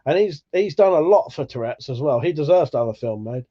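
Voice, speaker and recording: A man's voice: a little high, expressive, fairly quick, lo-fi sound. A man hosting a livestream, chatting casually and reading out viewer comments, swearing freely and laughing at himself. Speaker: livestream host.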